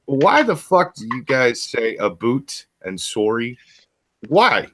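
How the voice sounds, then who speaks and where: Blunt, swearing man with a lively voice. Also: medium pitch, takes it slowly. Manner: blunt, profane, mocking. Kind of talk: casual group chat on a stream.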